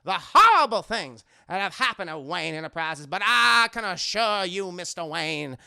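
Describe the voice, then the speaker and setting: A man putting on a booming, drawling older Southern tycoon who sounds grand and hospitable, his voice pitched up high and bright. The delivery has a gravelly edge. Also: sing-song, moderate pace, heavily acted. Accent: American Southern. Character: folksy older male Southern tycoon and inventor.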